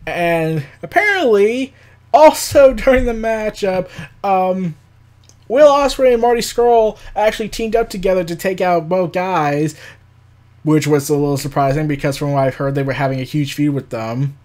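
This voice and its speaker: A man's voice: high voice, normal speed, darkish tone. A man hosting an unscripted commentary show, talking in a rambling, sarcastic way with frequent laughs and the odd swear word. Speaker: podcast host. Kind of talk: casual commentary.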